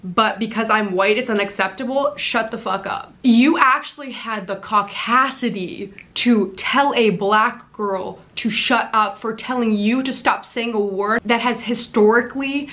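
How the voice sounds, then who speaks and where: A woman's voice: fairly high pitch, unhurried, hardly any pauses, a bit bright. A young woman giving casual commentary on her channel, blunt and exasperated, with plenty of swearing. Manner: blunt, profane, exasperated ranting. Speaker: commentary YouTuber.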